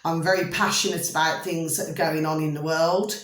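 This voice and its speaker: A woman's voice: deep voice, steady tone, brisk, fairly bright tone. A middle-aged woman, talking casually and affectionately to camera at home, rambling and often checking that her viewers follow her. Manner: chatty, doting, keeps checking listeners follow. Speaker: vlogger doing readings. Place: indoors at home. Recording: roomy home recording.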